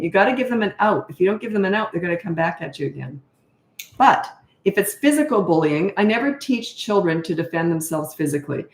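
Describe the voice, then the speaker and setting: Frank, chatty woman in an echoey room. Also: a little mellow. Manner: chatty and frank, trails off and restarts, rises high when exasperated. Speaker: parenting coach answering viewer questions. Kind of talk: casual Q&A advice talk.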